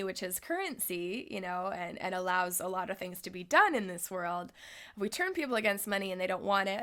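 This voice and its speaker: A woman's voice: medium pitch, fairly bright tone. Chatty upbeat woman spiritual coach. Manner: chatty, upbeat, lots of "like" and "right?". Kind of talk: casual talking-head vlog.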